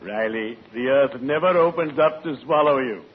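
An actor playing a pompous, scheming neighbor in a 1940s radio comedy, wordy and full of dry wisecracks. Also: male voice, medium pitch, normal speed, lightly acted. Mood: smug. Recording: tinny old radio broadcast with faint hiss.

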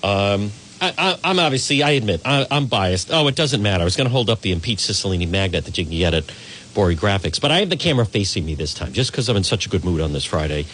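Exuberant, lively-voiced male radio host. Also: lowish voice, fast, a little hiss or hum. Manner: exuberant, boisterous, greets listeners by name. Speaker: radio talk show host. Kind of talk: morning radio talk show, streamed live.

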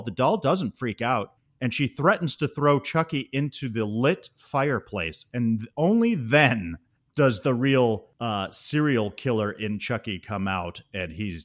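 A man co-hosting a casual podcast, telling a movie scene with lively animation. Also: medium pitch. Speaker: podcast co-host.

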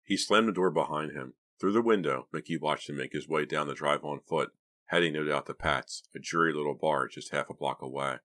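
A man narrating an audiobook in a steady, measured storytelling manner. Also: a bass voice. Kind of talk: scripted narration.

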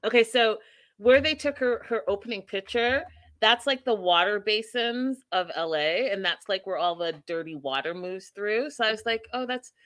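A woman co-hosting a podcast, chatting casually and telling lively stories with asides to the live chat. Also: mid-range voice, no room sound. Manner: animated storytelling, quick asides to live chat. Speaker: podcast co-host.

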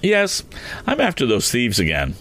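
An earnest young inventor, voiced by a male reader pitched well above the reader's own voice. He presses urgently and determinedly, and the lines leap around in pitch. A storybook hero in a hurry. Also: huge pitch swings, moderate pace, a bit bright, heavily acted. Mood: eager.

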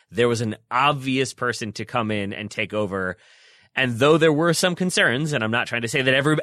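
Bright-voiced man breaking down soccer tactics. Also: medium pitch, no echo, clean studio sound. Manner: long animated run-on talk with restarts. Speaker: podcast co-host. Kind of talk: casual soccer analysis chat.

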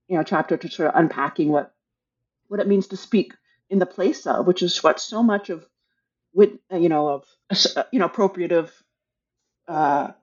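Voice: mid-range voice, a little mellow, breathy edge, muffled recording. An author talking casually about their book, hesitant and thinking aloud, with many restarts. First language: English.

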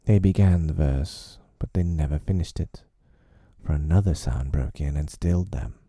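A man narrating a storybook in a measured, deliberate reading. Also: a bass voice, warm tone, dry recording, clean studio sound.

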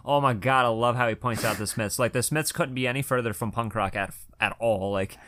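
A man's voice: mid-range voice, fairly quick, a bit bright. A man co-hosting a film podcast, chatting eagerly and laughing often. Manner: laughing, enthusiastic. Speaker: podcast co-host. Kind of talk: casual film discussion.

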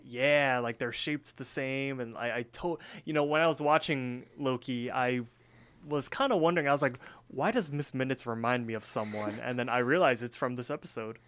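A man co-hosting a casual podcast, walking through a cartoon episode scene by scene. He drops into little character voices whenever he quotes someone, then slides back into relaxed chat. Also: mid-range voice, moderate pace, clean tone. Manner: animated retelling that acts out the characters' lines. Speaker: podcast co-host.

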